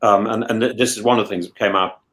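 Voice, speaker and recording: A man's voice: on the low side, steady tone, quick pace, fairly bright tone. A man in casual chat on a show he regularly joins, talking in a thoughtful, musing way with many restarts and stammered repeats. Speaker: regular guest.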